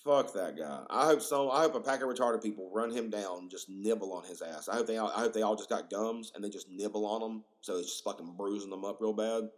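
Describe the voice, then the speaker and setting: A young man hosting a casual solo podcast, rambling and profane, excitable and full of fillers. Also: lowish voice, brisk, few pauses. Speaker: podcast host.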